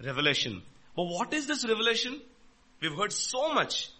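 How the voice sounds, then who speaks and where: Bright high-voiced male preacher. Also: very animated, moderate pace. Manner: emphatic, rhetorical questions, rises and drops in volume. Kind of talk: sermon.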